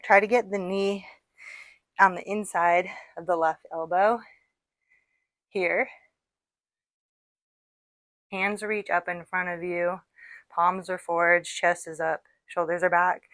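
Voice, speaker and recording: A woman's voice: on the low side, fairly bright tone, no echo. A woman leading a guided workout, counting out reps and encouraging her class while a little out of breath. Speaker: fitness instructor.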